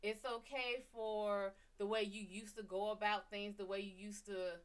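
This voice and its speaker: A woman's voice: mid-range voice, little pitch movement, a little slow. A woman runs a live tarot reading in a loose, chatty way. She swears freely and talks to her viewers by name. She often leans away from her desk mic, so her voice comes and goes. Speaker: tarot reader hosting a live stream. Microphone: desk mic, often turned away from it.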